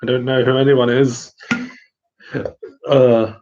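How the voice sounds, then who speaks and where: A man's voice: mid-range voice, level tone, slow, darkish tone. A man hosting a casual live chat, rambling with lots of fillers and frequent giggles. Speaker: host answering viewer questions. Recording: muffled lo-fi audio.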